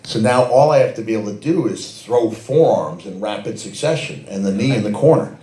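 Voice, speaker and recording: A middle-aged man with a fairly low voice tells animated anecdotes at a fan event and laughs often. He restarts and fills his sentences as he goes. His voice echoes around a big hall. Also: fairly quick. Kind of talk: anecdotal storytelling.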